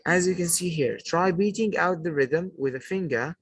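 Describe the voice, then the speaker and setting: A man's voice: fairly high pitch, poor audio. A man teaching a poetry lesson to a class, asking questions and praising the answers, and repeating key points. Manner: slow, repetitive teaching delivery.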